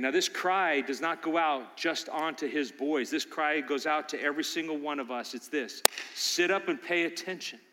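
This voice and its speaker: Animated older preacher in a reverberant hall. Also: male voice, a little high, moderate pace, hardly any pauses. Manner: animated preacher, swings between loud urging and soft storytelling. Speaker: pastor. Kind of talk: sermon.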